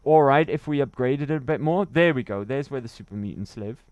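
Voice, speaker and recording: A man's voice: medium pitch, lively intonation, fairly quick, no echo, muffled recording. A man from Wales, chatting and laughing through a gaming livestream while reading his chat. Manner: chatty, laughs often, reads chat aloud. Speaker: streamer.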